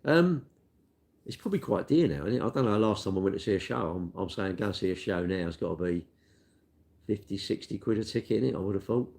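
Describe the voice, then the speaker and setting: An older man who works at a cake shop answers viewer questions in an easygoing, rambling chat, matey and self-deprecating. His voice is fairly low, animated and a little fast, with vocal fry and a touch of mellowness.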